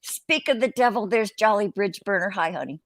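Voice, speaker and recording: A woman's voice: medium pitch, expressive, moderate pace, dry recording. An older woman hosting a casual live-stream chat, rambling and swearing freely as she greets viewers. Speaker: host.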